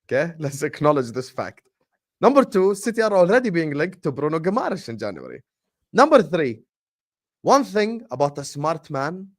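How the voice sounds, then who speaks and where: Animated man making his case. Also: on the high side. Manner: animated, emphatic, builds points in lists. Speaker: podcast co-host. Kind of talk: casual football debate.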